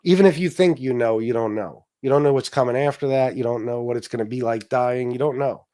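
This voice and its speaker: A political talk show host with a mid-range, warm male voice speaks briskly on his casual live stream. He's emotional and profane, rambling along with restarts, asides and the occasional swear word.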